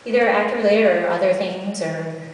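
A woman voice actor fields audience questions on a panel in a large convention hall, giving chatty, practical advice with asides. Her medium-pitched voice moves at normal speed, recorded far from the mic in an echoey hall with slight background noise.

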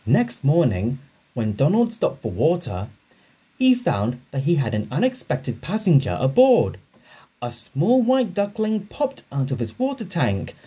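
A man narrating a children's storybook, reading aloud slowly and expressively. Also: a little high, husky. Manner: slow, expressive read-aloud.

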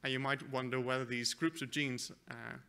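A man giving a conference presentation, walking through a live software demo with a few fillers and self-corrections. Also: mid-range voice, level tone, moderate pace, vocal fry, smooth. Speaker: conference speaker. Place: conference hall.

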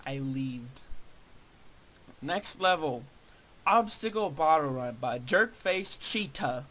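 A man's voice: fairly high pitch, expressive, slow, fairly bright tone. Young man with a sarcastic gaming-commentary manner. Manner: sarcastic, easily frustrated. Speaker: gaming channel host. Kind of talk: gameplay commentary.

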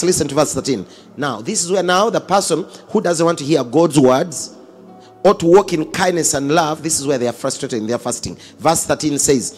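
A man, a pastor, preaching a sermon in a dramatic style, swinging between booming lines and hushed ones and acting out dialogue. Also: normal speed, soft background music.

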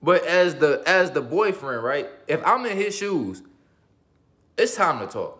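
Animated, blunt man reacting to a clip. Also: on the high side, a little slow. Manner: animated, blunt, repeats "you feel me". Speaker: reaction video host. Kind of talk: casual profane commentary.

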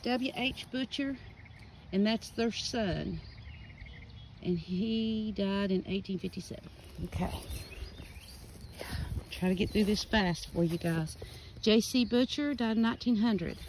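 A woman's voice: medium pitch, slow, pauses often, a little mellow, slight background noise, poor audio. A woman walking through a cemetery, reading out names and dates from headstones in casual narration, slightly out of breath. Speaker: cemetery vlogger. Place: outdoor rural cemetery. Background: birds and outdoor ambience.

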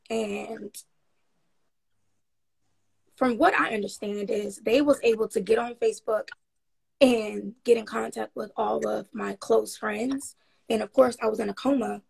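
Gravelly, husky woman. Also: on the high side, a little mellow, rough recording. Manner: frank, rambling with frequent ums, upbeat. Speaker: guest. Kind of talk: casual interview storytelling.

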